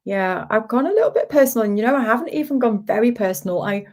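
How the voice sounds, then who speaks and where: A woman's voice: fairly high pitch, animated, fast, darkish tone. A woman hosting a casual livestream, reading out viewer comments, laughing often and greeting people by name. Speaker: livestream host, art community founder.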